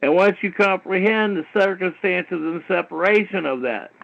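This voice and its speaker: A man with a high voice hosts a call-in talk show through a dull, lo-fi internet radio stream. He lectures in a heated, rambling way, repeats himself and fills gaps with "you know" and the odd curse. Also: normal speed, creaky. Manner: repetitive, peppered with "you know", swearing.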